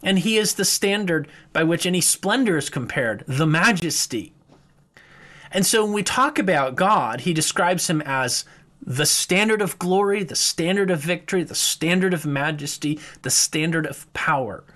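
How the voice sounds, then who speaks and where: Male preacher, slightly higher voice, measured teaching delivery for a devotional. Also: expressive, fairly bright tone. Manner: measured teaching, slows down to read scripture aloud. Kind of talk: morning devotional sermon.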